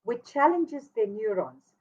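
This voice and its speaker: A woman's voice: fairly high pitch, sing-song, unhurried, lo-fi sound. A woman giving an earnest, emphatic instructional talk to parents, repeating key words for weight. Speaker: parenting educator.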